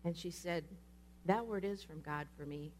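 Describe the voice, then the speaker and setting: In this sermon, a low-voiced woman tells a story casually at a moderate pace, animatedly performing the voices of those she quotes, with a bit of background noise.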